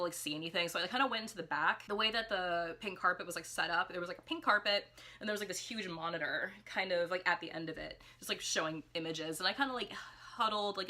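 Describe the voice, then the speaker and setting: Woman vlogger rambling thru a storytime, bright clear voice, says like a lot. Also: medium pitch. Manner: rambling, heavy use of "like", animated quoted voices. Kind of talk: casual storytime chat. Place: indoors at home, ring light.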